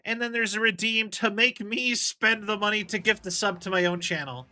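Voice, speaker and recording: Man, casual game stream chat, high voice, very bright tone, rambling with fillers. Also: normal speed. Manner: rambling, explains with many fillers. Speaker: livestreamer.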